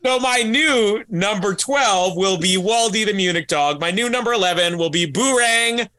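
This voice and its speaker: A man's voice: high voice, moderate pace, background noise. A man co-hosting a podcast, chatting casually and giggling as he gives in to teasing. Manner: giggly, self-deprecating, gives in when teased. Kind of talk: casual banter ranking mascots.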